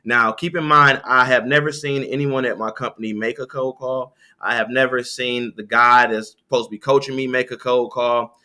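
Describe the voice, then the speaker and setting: A man with a bright, forward voice, speaking as a guest author in a relaxed interview. He tells stories with lively energy and slips easily into quick asides. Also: medium pitch. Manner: storytelling, animated, with quoted voices. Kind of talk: conversational interview.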